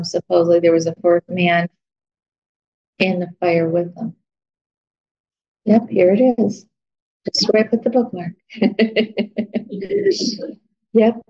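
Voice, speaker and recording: Woman, Bible lesson, slow delivery, chatty, gravelly, muffled lo-fi sound. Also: fairly low pitch, a little mellow. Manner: chatty, laughs at herself, searches notes aloud. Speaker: Bible study teacher. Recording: dull lo-fi recording.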